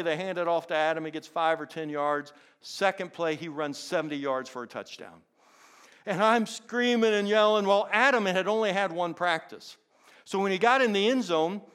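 A man in his fifties, a teacher telling a personal testimony, who swings from loud excitement to soft, hushed tones. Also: moderate pace. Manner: animated, jumps into high excited voices for characters, then drops soft and hushed. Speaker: teacher and inspirational speaker. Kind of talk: storytelling testimony.

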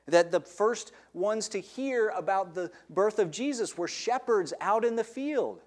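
Male preacher, mid-high voice, emphatic sermon delivery with questions to the room. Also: animated, a little slow. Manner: asks the listeners questions, stresses key words.

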